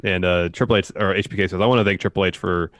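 A man's voice: deep voice, fairly even intonation, quick pace, fairly bright tone, dry recording, clean studio sound. A man co-hosting a podcast, joking in casual chat and reading quotes aloud as he recaps a show. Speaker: podcast co-host.

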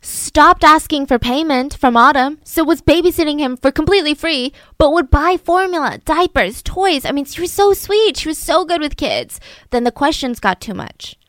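Chatty woman telling a crime story, highish voice, swoops around a lot. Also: normal speed, few pauses, dry recording. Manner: animated, chatty, asides to a co-host. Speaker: storyteller host. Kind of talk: casual true-crime storytelling.

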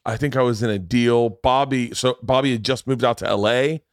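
A man's voice: medium pitch, steady tone, brisk, no room sound. Florida guy hosting a podcast, rambly and swears a lot, dry close mic. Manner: rambling, profane, self-interrupting. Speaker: podcast host. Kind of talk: casual storytelling chat.

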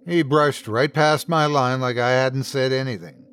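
A man hosting and narrating a scripted horror story in the first person, with lively shifts in tone. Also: medium pitch, unhurried, slight background noise. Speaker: host and narrator.

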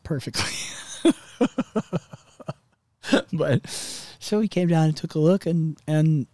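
A surfer telling a story in a rambling, casual way, cutting himself off mid-sentence and swearing now and then. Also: male voice, medium pitch, warm tone, no echo.

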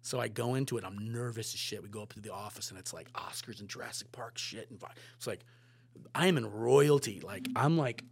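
A man, a photographer and director, telling stories in a casual podcast chat, animated and swearing freely. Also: on the low side, a little fast, gravelly, slightly rough.

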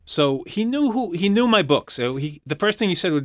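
A man on a podcast, telling stories in a fairly high, animated voice. He is bright and sharp in tone, and he rambles with plenty of "you know" and restarts. The studio sound is close and dry. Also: moderate pace, dry recording. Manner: rambling, full of "you know", lively storyteller. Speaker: guest illustrator. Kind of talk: casual podcast interview.

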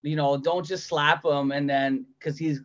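A man guesting as a comedian who tells his stories in a halting way and laughs through them. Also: on the high side, fairly even intonation, a bit bright. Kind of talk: casual chat. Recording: muffled lo-fi audio.

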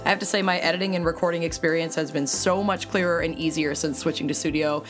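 A woman's voice: low voice, fairly even intonation, quick pace, faint music behind. A young adult woman co-hosting a podcast in casual chat, laughing and swearing freely. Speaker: podcast co-host.

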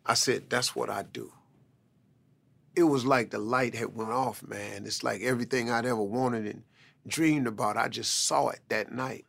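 A man, a comedian, telling a motivational personal story in animated, colloquial speech. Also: medium pitch, moderate pace, vocal fry. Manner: animated, conversational with colloquial phrasing.

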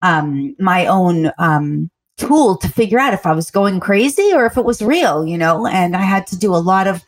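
Earnest woman guest with a lowish voice. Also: lively intonation, normal speed, hardly any pauses. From United States. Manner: earnest, talks at length with fillers. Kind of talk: interview storytelling.

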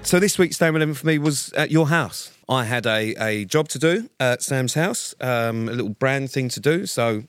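Brief: sardonic British co-host, sweary and blunt, average pitch, dry close mic. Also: male voice, expressive, normal speed, few pauses, clean tone, no room sound, faint music behind. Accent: British English. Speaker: podcast co-host. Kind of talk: casual banter.

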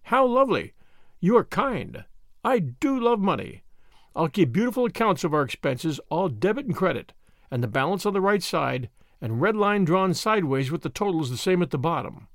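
A man voicing an eager, chatty young woman with a bubbly, excitable manner. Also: high-pitched, normal speed, no echo, clean studio sound. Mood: excited.

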